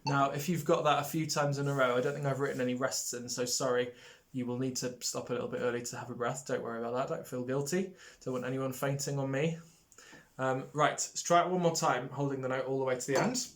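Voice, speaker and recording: A man's voice: medium pitch, level tone, quick pace. Friendly man teaching a brass lesson. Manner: friendly, hesitant with many ums, sings rhythms. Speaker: music teacher. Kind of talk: recorded music lesson for brass players.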